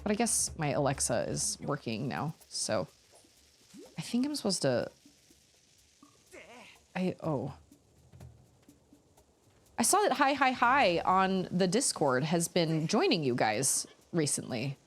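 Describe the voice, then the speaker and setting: A woman's voice: sits low, big pitch swings, slow pace, pauses often. A young adult woman live-streaming a video game, chatting casually and giggling, with lots of "like" and "um". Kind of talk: casual live-stream chat while gaming.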